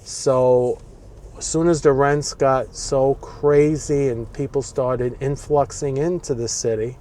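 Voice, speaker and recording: A man's voice: medium pitch, steady tone, slow, mellow. A man in his sixties talking casually and wistfully to the camera from his car, rambling with fillers and repeats. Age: 60s. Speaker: vlogger. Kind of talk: casual reflective talk to camera.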